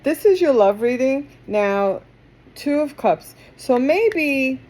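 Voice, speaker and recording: A woman's voice: sits high, expressive, slow, a little mellow. A woman with a Queens, New York twang talks through a tarot reading. Her delivery is chatty and digressive, drifting into asides before she returns to the cards. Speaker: tarot reader. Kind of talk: casual tarot reading to camera.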